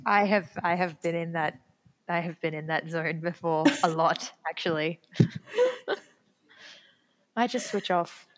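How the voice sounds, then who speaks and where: A young adult woman chatting casually, telling work stories quickly and acting out the quotes with lively energy. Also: fairly low pitch. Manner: quick, animated storytelling, acts out quotes. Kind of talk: casual chat.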